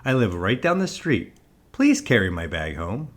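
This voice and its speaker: A man's voice: fairly low pitch, wildly swooping pitch, moderate pace. A man reading aloud, voicing a cheeky young boy who loves scaring people. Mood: boastful. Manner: bold, boastful. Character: cheeky young boy playing scary tricks.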